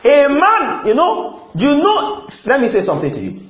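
A Nigerian man preaching a sermon, calling out questions to the congregation and sometimes shouting. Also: extremely high pitch, normal speed. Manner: animated, call-and-response, sudden shouts. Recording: roomy, dull lo-fi sound.

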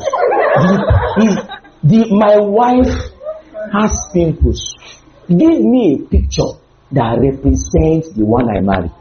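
Man preaching, high voice, wide swings in pitch, animated and humorous, echoey dull church hall recording. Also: slow, a crowd in the background. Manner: animated, humorous preaching with sudden loud outbursts. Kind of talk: sermon.

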